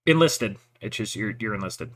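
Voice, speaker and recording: A man's voice: lowish voice, expressive, normal speed. A man and army veteran telling stories in profane, rambling casual chat. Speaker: veteran chatting with a listener.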